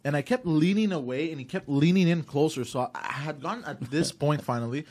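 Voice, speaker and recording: A man in his twenties telling a story in casual chat, loudly acting out the people in it. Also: a little high, a little fast. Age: 20s. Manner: animated, acts out quotes loudly.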